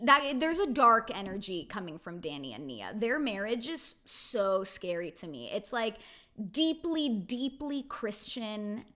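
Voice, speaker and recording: A young woman with a bright, high voice that swoops all over as she gives her blunt take on reality TV drama. She swears freely and fills her talk with "like," keeping it casual and unscripted. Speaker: reality TV recap host. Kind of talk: casual opinionated recap.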